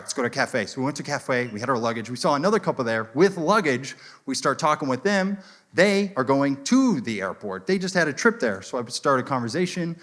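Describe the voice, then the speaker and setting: A man doing a stand-up comedy set, telling stories in an animated way and acting out people in mock French. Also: mid-range voice. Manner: animated storytelling, acts out characters in mock French. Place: comedy venue with a live audience. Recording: live crowd laughter and room noise. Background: audience laughing.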